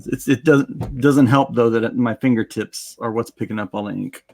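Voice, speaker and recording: A man inking artwork on a live stream, talking in a relaxed, offhand way. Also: mid-range voice, normal speed, a little hiss or hum. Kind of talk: casual live-stream chat.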